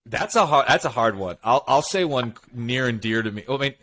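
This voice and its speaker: A man co-hosting a casual podcast conversation. His voice is bright and forceful, and he tells his stories with energy, often acting out what people said. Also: medium pitch, a little fast. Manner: animated storytelling, quotes himself and others. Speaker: podcast co-host.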